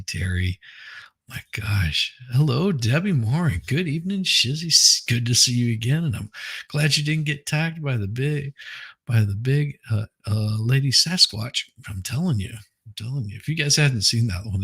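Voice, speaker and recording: A man's voice: medium pitch, bright, forceful tone, slightly rough. A man hosting a casual livestream, chatting and greeting viewers one by one with frequent restarts. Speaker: livestream host. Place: home, indoors.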